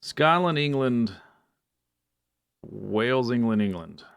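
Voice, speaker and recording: A man's voice: medium pitch, lively intonation, slow pace, gravelly, smooth, no echo, clean studio sound. A man streaming a puzzle game, thinking aloud and muttering to himself in casual commentary. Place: home streaming setup.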